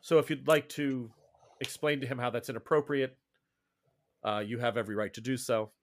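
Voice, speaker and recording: A man's voice: mid-range voice, fairly even intonation, fairly quick. A man running a tabletop game as game master, narrating in loose, rambling sentences.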